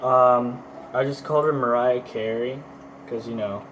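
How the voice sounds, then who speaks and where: A man's voice: medium pitch, fairly even intonation, measured pace, a bit bright, a little hiss or hum, low-quality recording. A young man with a Texan accent, rambling in a jokey, scattered way while doing chores at home. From Texas. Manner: scattered, self-interrupting, jokey. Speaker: vlogger. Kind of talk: rambling casual vlog chat.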